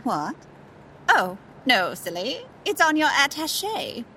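A woman's voice: high voice, big pitch swings, slow pace, bright, forceful tone, slight background noise, full character voice. A woman as a genteel society lady. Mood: gracious. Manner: polite, genteel. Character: gracious, well-mannered society lady.

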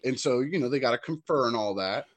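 Animated man telling a coaching story, dry. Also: medium pitch, fast, no room sound. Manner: animated storyteller who acts out shouted quotes. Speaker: podcast co-host and youth baseball coach. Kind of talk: casual chat, storytelling.

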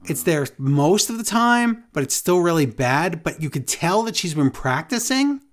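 A man's voice: a little high, sing-song, moderate pace. A man co-hosting a podcast, recapping a show in casual chat, with sarcastic, exasperated asides. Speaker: podcast co-host.

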